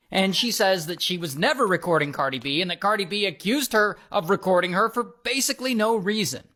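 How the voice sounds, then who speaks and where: A man narrating a story in a casual, wry way, with dramatic pauses and amused asides. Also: high-pitched, sharp tone.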